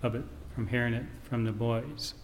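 A man's voice: mid-range voice, steady tone, moderate pace. A man preaching a sermon, telling a family story and quoting scripture in an earnest way. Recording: reverberant hall, faint background noise.

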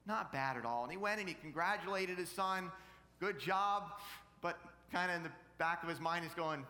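A man preaching a sermon, telling a story and building to loud, fervent peaks. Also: a little fast. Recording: reverberant church hall, faint rumble.

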